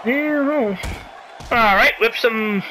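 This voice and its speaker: A game commentator calling a wrestling video game play by play, excitable, sarcastic, yelling at big moves and pleading with the wrestlers. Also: medium pitch, unhurried, some chatter behind, slight background noise, poor audio. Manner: sarcastic asides and mild swearing.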